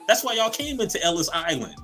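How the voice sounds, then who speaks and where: Lively bright-voiced man on a podcast. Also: high voice, normal speed, faint music behind. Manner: animated, profane, laughs often, repeats words. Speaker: podcast co-host. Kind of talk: casual comedic podcast chat.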